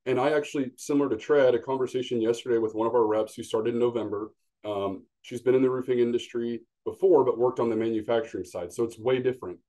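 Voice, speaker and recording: A man talks sales on a podcast in a blunt, animated way. His voice is warm and mellow, his pitch sits in the middle range, and he acts out little quotes as he tells his stories. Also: fast talker. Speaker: regional sales manager, guest. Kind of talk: casual podcast conversation.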